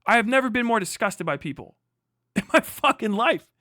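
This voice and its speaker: A man's voice: high voice, sing-song, moderate pace, no room sound, clean studio sound. A young man streaming live from home, swearing through a heated rant and reading chat. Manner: profane, shouting mock tirade turning to muttered asides.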